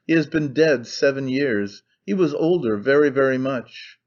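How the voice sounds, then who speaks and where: A man voicing an intense, brooding young man obsessed with one idea, earnest and halting as he speaks. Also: medium pitch, dull audio, close to an everyday voice. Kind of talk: audiobook character reading.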